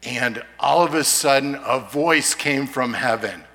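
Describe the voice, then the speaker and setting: A man's voice: medium pitch, pushed and bright. Earnest male pastor in a reverberant church. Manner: earnest, slows down for emphasis. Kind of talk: sermon. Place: church sanctuary. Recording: long reverb of a church hall.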